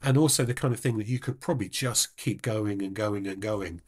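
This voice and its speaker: Male podcast co-host, low pitch, hesitant rambling delivery. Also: a little fast, slightly rough. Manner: rambling, hesitant, full of restarts. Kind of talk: casual podcast chat.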